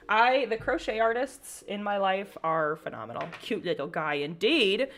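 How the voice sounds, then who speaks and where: A woman's voice: a little high, normal speed, hardly any pauses, a bit bright. A young woman chatting casually and giggling with her viewers on a live stream.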